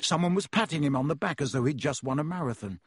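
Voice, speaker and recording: A man narrating an audiobook in a measured, expressive storytelling style. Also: fairly high pitch, husky, dry recording, studio quality. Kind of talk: scripted narration.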